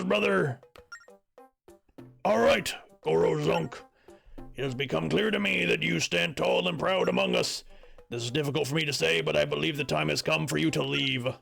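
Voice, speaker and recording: A man voicing a proud old male rock-creature chieftain with a gravelly old voice, grand and solemn while reading game dialogue aloud. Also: on the high side, moderate pace, fairly bright tone, faint music behind, full character voice.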